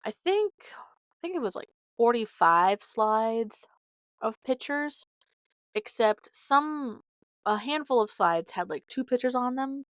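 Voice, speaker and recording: A woman's voice: on the high side, big pitch swings, slow, dry recording. A young adult woman hosting her own podcast, telling stories in a casual, rambling way full of fillers. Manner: rambling, filler-heavy storytelling. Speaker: podcast host. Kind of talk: casual chat.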